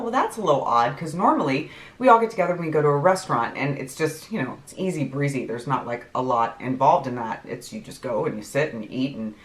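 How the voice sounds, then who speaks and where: A woman's voice: low voice, fairly bright tone, roomy sound. A middle-aged woman vlogger telling a long personal story in a casual, rambling way, laughing often and using lots of fillers. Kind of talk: casual storytelling while getting ready.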